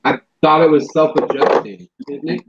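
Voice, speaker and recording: A man's voice: fairly high pitch, level tone, measured pace, very noisy. A man hosting a casual chat about vaping gear, blunt and swearing freely, on a dull lo-fi recording. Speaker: vaping show host.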